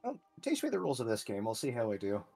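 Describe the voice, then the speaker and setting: A man's voice: medium pitch, huge pitch swings, fast talker, creaky, warm tone, husky, faint music behind, heavily acted. A man voicing an easygoing, folksy young cowboy type in a tabletop game. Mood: friendly. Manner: folksy, drawling, friendly.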